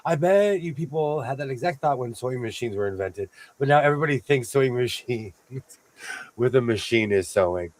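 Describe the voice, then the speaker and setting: A man hosting a sewing show, chatting casually with playful, animated storytelling. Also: mid-range voice, brisk. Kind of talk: casual livestream chat.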